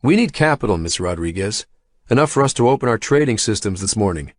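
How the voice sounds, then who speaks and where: A cocky male banker in a thriller audiobook, smug and theatrical as he lays out disaster, as a male narrator plays him. The voice sits a little higher than the reader's own and swings lively in pitch. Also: quick pace, no echo, clean studio sound, lightly acted.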